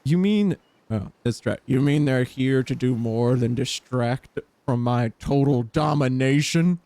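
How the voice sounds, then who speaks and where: A man streaming a dating game, reading its text aloud and reacting with playful laughs and sudden high-pitched bursts. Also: measured pace, dark tone, dry recording.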